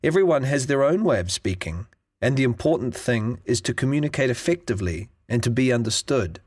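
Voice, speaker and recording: A man reading a scripted English listening lesson in a clear, measured way. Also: mid-range voice, lively intonation, darkish tone, dry recording, clean studio sound. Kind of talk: scripted narration.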